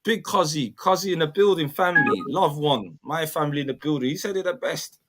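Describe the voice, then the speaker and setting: A man hosting a casual opinion chat, animated and preachy, full of slang. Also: fairly high pitch, fairly quick, soft background music. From Somali heritage, UK.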